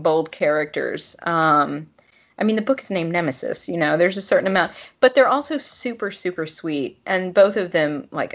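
A woman author reading her novel aloud and then chatting about it, animated and laughing, with many fillers. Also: lowish voice, muffled recording.

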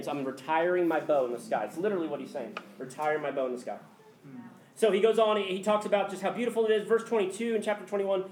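High-voiced animated man preaching. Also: a little hiss or hum. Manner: animated, conversational preaching with quick jokes. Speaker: pastor. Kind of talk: sermon. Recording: echoey hall with faint ambience.

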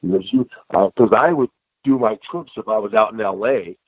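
An older man telling stories in a casual chat, animated, often calling the listener bro and man. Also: fairly low pitch, brisk, husky, dry recording. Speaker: guest. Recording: dry tinny phone-like line.

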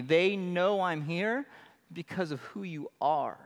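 A man's voice: high-pitched, takes it slowly. Man preaching in a reverberant hall. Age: adult with children. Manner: earnest, emphatic preaching with repeated phrases. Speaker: pastor. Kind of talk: sermon.

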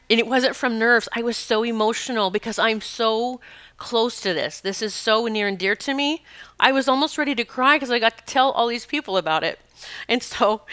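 Bright, chatty woman podcaster. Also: mid-range voice, clear, resonant tone, no echo. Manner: chatty storytelling, laughs often. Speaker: podcast host. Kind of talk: casual spiritual podcast monologue.

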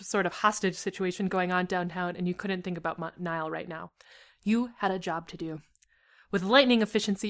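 A young woman co-hosting a show, reading aloud her own fan fiction with a storytelling lilt and giggly asides. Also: fairly low pitch.

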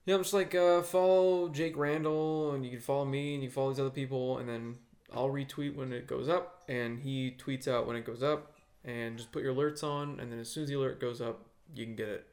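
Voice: medium pitch, fairly even intonation, a little fast, a little mellow. Teasing young podcast co-host. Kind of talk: casual chat.

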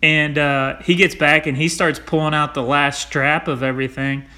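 A man tells a story in a lively, casual way, laughing and throwing in mild swear words. His voice sits a bit high and sounds bright and forward. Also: normal speed. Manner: animated, swears lightly, laughs while telling stories. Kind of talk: casual chat.

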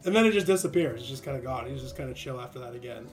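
A young man in casual conversation about faith, animated and laughing often, acting out quick voices. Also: mid-range voice, loud music behind the voice.

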